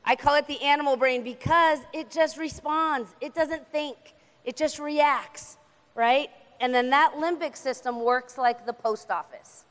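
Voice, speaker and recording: A young woman with a high, bright voice gives a lively talk on anxiety before an audience. She acts out voices of God and the brain as she explains. Her voice rings with the long reverb of a large hall. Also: measured pace. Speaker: speaker. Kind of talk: faith-based talk on anxiety.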